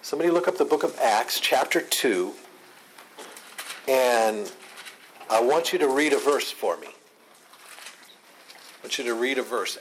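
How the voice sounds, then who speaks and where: A man's voice: mid-range voice, slight background noise. A man leading a Bible study, teaching with emphatic, repeated phrases.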